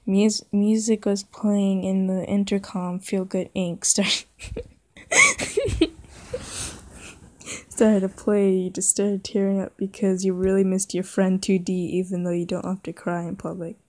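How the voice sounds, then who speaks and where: A woman's voice: mid-range voice, lively intonation, measured pace, long pauses. A young woman reading a joke fan story aloud, giggling often and stumbling over and repeating words. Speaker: channel host.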